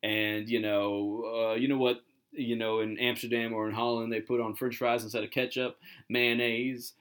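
A man's voice: medium pitch, flat delivery, moderate pace, fairly bright tone, clean tone. A man in his thirties co-hosting a podcast, chatting casually about a film and rambling with lots of fillers and restarts. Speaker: podcast co-host. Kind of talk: casual movie review chat.

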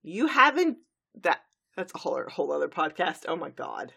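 Chatty, lower-voiced woman podcaster. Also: big pitch swings, gravelly, bright, forceful tone, slightly rough. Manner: quick, chatty, lots of "like"s, laughs easily. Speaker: podcast co-host. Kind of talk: casual chat.

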